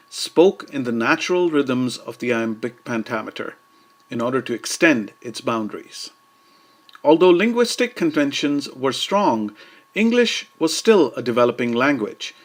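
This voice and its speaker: A man delivers a scripted lesson in a measured, even manner. His voice sits at an ordinary middle pitch, and he slows deliberately when reciting verse. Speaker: lecturer. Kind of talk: scripted educational narration.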